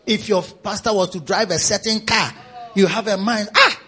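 Husky high-voiced preacher. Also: male voice, moderate pace, a bit bright. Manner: teasing, repetitive preaching with laughter. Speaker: pastor. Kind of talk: sermon.

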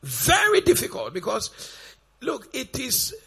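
Gravelly preacher man. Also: very high-pitched, big pitch swings, unhurried, fairly bright tone. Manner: preaching with repeated rhetorical questions. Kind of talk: sermon.

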